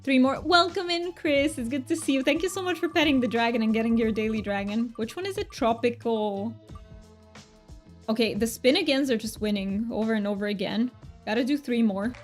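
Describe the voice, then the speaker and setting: Chatty, giggly woman streamer talking to her chat; pitched a bit high, light music underneath. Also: fairly quick. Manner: chatty, giggly, thanks viewers by name. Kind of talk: casual livestream chat.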